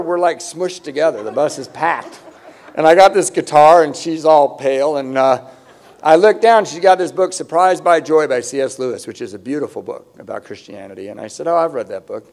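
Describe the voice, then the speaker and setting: Self-mocking man telling a comic story. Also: a little high. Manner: animated, self-mocking, acts out voices.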